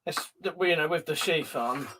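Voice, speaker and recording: A man hosting a casual live stream, chatting and greeting viewers by name, with loud greetings and quieter mumbled asides. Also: a little high, measured pace, a little hiss or hum.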